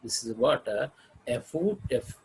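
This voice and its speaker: A man with an Indian English accent teaching a lesson on poetry, reading verse examples aloud and explaining them haltingly, often clearing his throat. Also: medium pitch, animated, rough recording. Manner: slow and halting, with frequent fillers and throat clearing. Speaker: literature teacher.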